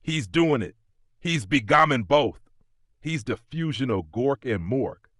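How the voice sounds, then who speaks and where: A man's voice: moderate pace, no room sound, clean studio sound. A man voicing frantic orc mystics. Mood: ecstatic. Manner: excited higher cries, slangy orc speech. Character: trembling orc psychic mystics, frantic and devout.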